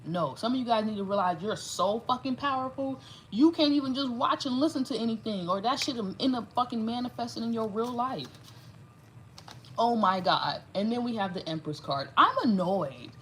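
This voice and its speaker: A woman giving a casual, rambling tarot reading, talking animated and profane. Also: on the high side, a little fast, slight background noise, rough recording. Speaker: tarot reader.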